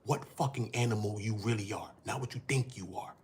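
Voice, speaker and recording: A man's voice: on the low side, a little fast, background noise. A man hosting a casual livestream, talking in heavy street slang, cursing, preaching and addressing his chat directly. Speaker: livestream host.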